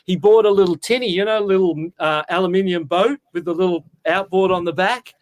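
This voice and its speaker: Speaking fairly quickly in a high-pitched voice, a 60-year-old Australian guest recounts stories during an informal interview. His tone is heartfelt and earnest, and "mate" comes up often as he addresses the listener.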